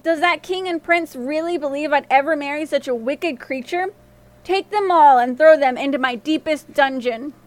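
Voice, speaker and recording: Woman voicing a proud king, quick-tempered, commanding, indignant, storybook, high voice. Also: fairly bright tone. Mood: angry.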